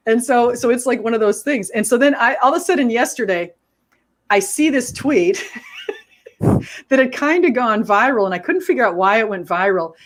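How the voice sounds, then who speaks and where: A woman hosting a casual video chat, telling a story with animated quoted asides and frequent restarts. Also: fairly high pitch, normal speed. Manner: animated storytelling, quoting others. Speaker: host.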